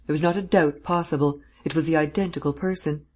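An audiobook narrator giving a steady, measured reading of a classic novel. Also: medium pitch, slightly rough. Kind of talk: scripted narration.

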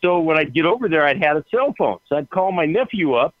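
A man's voice: fairly high pitch, very animated, fast, no room sound. A man telling stories in a casual way, laughing and acting out the other voices. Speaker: guest. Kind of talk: casual storytelling. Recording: tinny phone line, dry.

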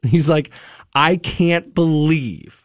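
A man's voice: on the high side, slow, dry recording, clean studio sound. A male radio show host telling a long personal story in casual morning talk, rambling with fillers and restarts. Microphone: studio microphone.

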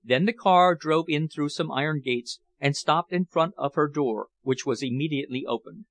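A man narrating a novel in a measured, even reading voice. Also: a little high, no room sound. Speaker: audiobook reader. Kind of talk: scripted narration.

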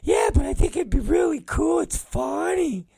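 A man voicing an overeager, rambling male friend who talks in a high, shouting voice. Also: moderate pace, gravelly, dry recording, exaggerated voice. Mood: eager. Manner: excited, rambling, naive.

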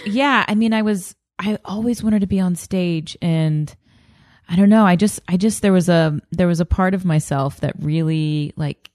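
A woman's voice: on the low side, normal speed, no echo, clean studio sound. A young woman from Texas, chatting casually and telling stories with lots of fillers and laughter. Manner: chatty, animated storyteller with many fillers and laughs. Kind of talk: casual chat.

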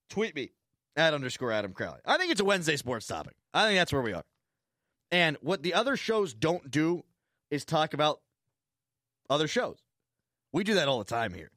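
A man's voice: on the high side, sharp tone, no room sound, studio quality. A man hosting a sports talk radio show, ranting and sarcastic, repeating lines for emphasis.

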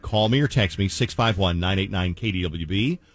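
A man's voice: deep voice, normal speed, soft background music. Chatty male radio show host. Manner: energetic, chatty, acts out voices.

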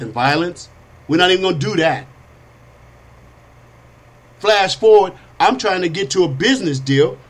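A middle-aged man hosting a talk show, telling personal stories in an animated, streetwise way with casual slang. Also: sits high. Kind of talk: storytelling monologue.

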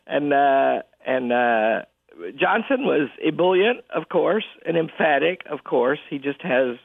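A man's voice: fairly high pitch, animated, gravelly, no room sound. An older man as an interview guest on the phone, chuckling often and restarting his sentences as he talks. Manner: chuckling, halting with many restarts. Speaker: guest, college president. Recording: tinny phone line.

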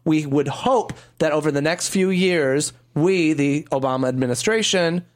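A man's voice: a little high, normal speed, natural voice. A man imitating a woman politician giving a formal speech in a mock-solemn manner.

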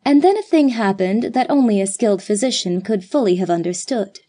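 A woman narrating a classic story aloud in a measured, expressive reading style. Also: medium pitch. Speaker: audiobook narrator.

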